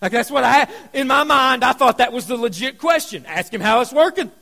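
A man preaching a sermon, telling stories in a conversational way, going from loud emphasis to hushed asides. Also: very high-pitched, a little fast. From Kentucky. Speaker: pastor.

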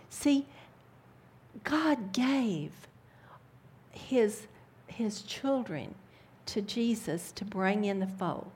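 A woman teaching the Bible in a sermon style, reading scripture aloud and breaking in with fervent comments. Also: medium pitch.

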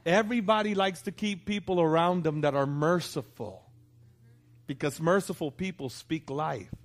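A middle-aged man preaching a sermon as pastor, animated and asking the congregation for responses. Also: on the high side, moderate pace.

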